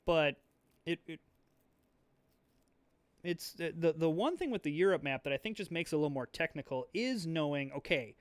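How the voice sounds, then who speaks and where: Chatty higher-voiced man thinking aloud. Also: animated, moderate pace, pauses often, no room sound. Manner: chatty, rambling, full of fillers and restarts. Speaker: board game video host. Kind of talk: casual thinking-aloud play commentary.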